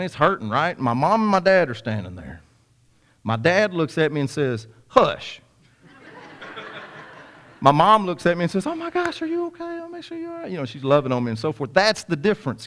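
A young man preaching a sermon, telling a folksy story with many repeats and asides to the congregation. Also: mid-range voice. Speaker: pastor.

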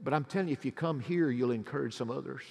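A middle-aged pastor giving a pleading altar call and prayer in a large church, swinging between loud urges and hushed appeals. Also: male voice, mid-range voice, fast talker, vocal fry, breathy edge. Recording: long hall reverb.

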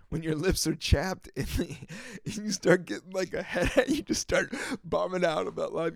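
A man's voice: a little high, lively intonation, moderate pace, creaky, dry recording, clean studio sound. A young man hosting a podcast, riffing casually and laughing often in a loose, rambling way. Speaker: podcast host.

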